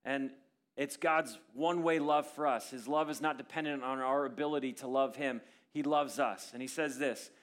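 Pastor, male, fairly high-pitched voice, earnest sermon delivery that swings between punchy emphasis and soft, quiet passages.

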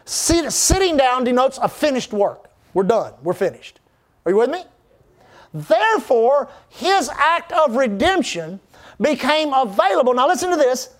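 A man's voice: very high voice, very animated, unhurried. A man preaching a sermon as pastor, fervent and rousing, asking the congregation to respond.

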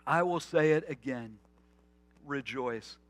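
A male pastor preaching a conversational sermon, telling stories earnestly, restarting phrases, and slowing to a soft voice on key points. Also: medium pitch, dry recording, soft background music. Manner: earnest, storytelling, with frequent restarts.

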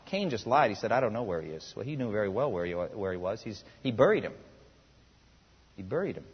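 A male pastor with a fairly low, slightly rough voice preaches at a fairly quick clip, his pitch swinging widely. He puts rhetorical questions to the congregation and reads scripture with increasing emphasis. The recording is muffled, made in a reverberant hall.

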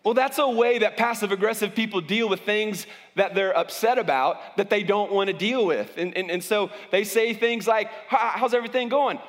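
High-voiced pastor preaching in a reverberant hall. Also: male voice, moderate pace, hardly any pauses. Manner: conversational preaching with repeated restarts. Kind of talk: sermon.

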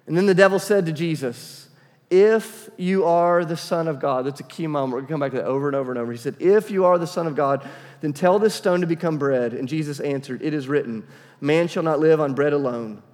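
A man's voice: on the high side, fairly quick, darkish tone. A man preaching a sermon to a congregation, reading scripture and asking them to call out answers. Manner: emphatic, asks the congregation to respond. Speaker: pastor. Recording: reverberant church hall.

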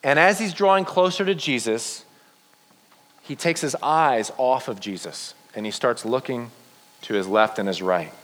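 A man preaching a sermon to young people, telling a Bible story with lively acted-out quotes. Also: medium pitch, measured pace, big-room sound. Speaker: youth pastor.

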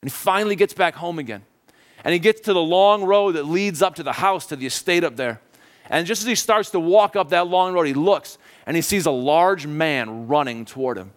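Preaching a sermon, this man retells a story in a lively, conversational way and keeps asking his listeners questions. His voice sits on the high side, and he speaks at a moderate pace.

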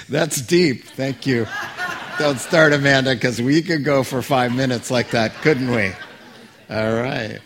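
A man's voice: mid-range voice, unhurried, crowd noise, background noise. A man preaching a sermon as a pastor, conversational and joking with the congregation.

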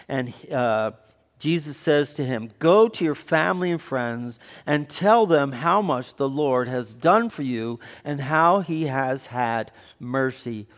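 A man preaching a sermon to his congregation. He talks in a conversational way and throws in quick asides and banter. His slightly raised voice rings out with long reverb in a church hall. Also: a little high. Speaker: pastor.

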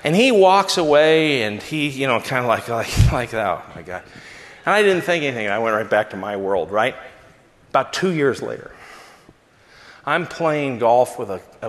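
A man preaching a sermon and telling a personal story with animated, self-mocking delivery. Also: normal speed. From Southern California. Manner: lively storyteller, big pitch swings, self-mocking. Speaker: pastor. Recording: long hall reverb.

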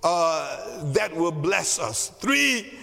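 High-voiced pastor preaching slowly in a hall. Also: male voice, lively intonation, fairly bright tone. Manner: emphatic, repeats key phrases slowly. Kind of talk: sermon. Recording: long reverb of a large hall.

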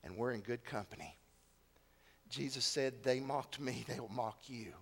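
A male pastor preaching a sermon, swinging from hushed, almost whispered lines to loud, shouted exhortation. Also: medium pitch, moderate pace.

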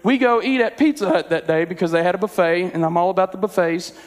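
High-voiced pastor preaching in a reverberant hall. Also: male voice, fast. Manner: earnest, conversational with filler words. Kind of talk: sermon storytelling and prayer. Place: church sanctuary.

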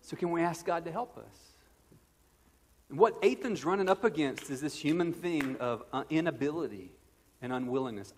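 In a church sanctuary with the long reverb of a church hall, a man in his thirties preaches as pastor. His fairly high voice is animated and moves at normal speed, earnest and conversational yet sprinkled with playful asides.

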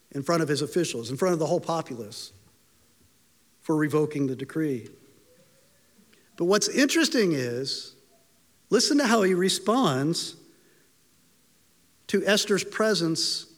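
Man, preacher, high voice, storytelling sermon, long hall reverb. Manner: storytelling, voices quoted lines with rising pitch.

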